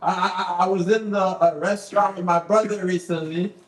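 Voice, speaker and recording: A man's voice: sits high, steady tone, a little fast. A man hosting a comedy show, loose and stammering as he hypes the crowd and tells a bit. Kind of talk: emceeing and stand-up. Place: basement comedy club. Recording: echoey club room.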